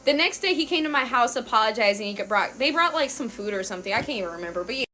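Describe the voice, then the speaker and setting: Young woman, casual storytime, blunt and profane, high voice, very lively pitch. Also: quick pace.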